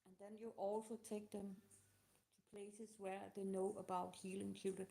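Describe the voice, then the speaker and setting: Emotional woman answering questions, halting. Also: mid-range voice, level tone, vocal fry, mellow. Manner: halting, emotional, non-native phrasing. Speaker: live show host. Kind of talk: casual live talk answering questions.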